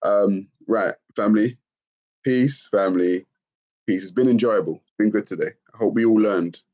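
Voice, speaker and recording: A middle-aged man, casually chatting on a livestream and reading out comments, laid-back and quick to laugh. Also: lowish voice, darkish tone. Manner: laid-back, laughs often, calls people bro. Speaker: livestream host. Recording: dull lo-fi stream audio.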